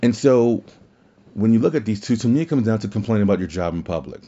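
A man's voice: on the low side, expressive, quick pace, mellow. A man hosting a podcast, ranting casually and bluntly, swearing freely. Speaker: podcast host. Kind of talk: casual rant on wrestling. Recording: dull lo-fi audio.

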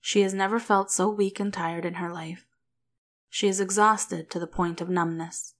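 A woman reading a story aloud in a calm, steady narrator's voice. Her pitch sits slightly low and her delivery stays even and unhurried. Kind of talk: reading fan fiction aloud.

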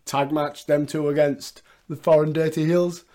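A man's voice: on the high side, flat delivery, moderate pace, dark tone. A man co-hosting a podcast, recapping wrestling in casual chat with lots of laughter and quoted lines. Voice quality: laughs often, quotes lines in put-on voices. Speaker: podcast co-host.

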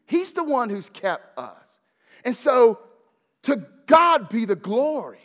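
A man preaching a sermon as pastor, fervent at his peaks and hushed at his close, repeating words as he builds emphasis. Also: extremely high pitch, big pitch swings, takes it slowly. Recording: long hall reverb.

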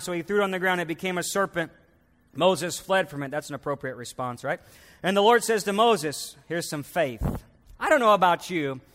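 A man's voice: a little high, fairly bright tone, long reverb tail. A man preaching a sermon as a pastor, telling stories and acting out the voices in them.

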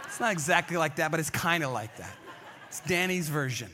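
A man preaching a sermon in a conversational, energetic storytelling way, often acting out the people he quotes. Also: a little high, fairly quick, a little hiss or hum. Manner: conversational, acts out quoted voices. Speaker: pastor.

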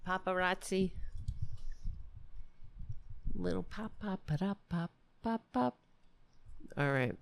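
A woman's voice: lowish voice, animated, takes it slowly, vocal fry, pauses often, a little hiss or hum. A woman from New York hosting a casual podcast, rambling and ranting with profanity and indignation. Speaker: podcast host.

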